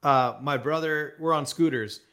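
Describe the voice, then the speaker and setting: Laughing, lively podcast guy. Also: fairly high pitch, moderate pace. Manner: animated storyteller, laughs often. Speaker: podcast co-host. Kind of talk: casual chat. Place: travelling abroad.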